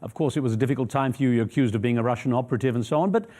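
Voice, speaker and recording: A man presenting the news, putting probing, measured questions to a guest. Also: mid-range voice, warm tone.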